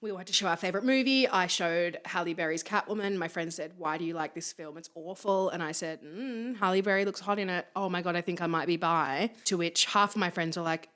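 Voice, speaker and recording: A woman's voice: on the low side, brisk, hardly any pauses. A woman telling stories as a podcast guest in a casual chat, acting out quoted people with bursts of laughter. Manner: animated storyteller, acts out quotes with laughter.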